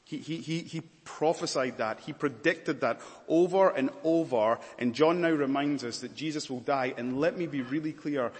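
A male preacher delivers a sermon in a mid-pitched voice, dramatic and emphatic, building points with repeated words and lists. A long reverb from a large hall trails each phrase. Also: normal speed.

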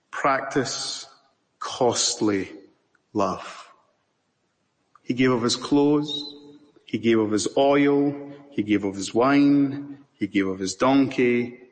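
A man with a Scottish accent preaching an impassioned sermon, with long pauses between phrases. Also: mid-range voice. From Scotland. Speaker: pastor. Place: church sanctuary. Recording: reverberant church hall.

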